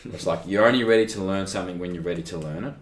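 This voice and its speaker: This young Australian man's voice is low-pitched and racing. As a guest athlete in a casual interview, he animatedly recounts a personal story, acting out exchanges and dropping "like" again and again. The room has an echo.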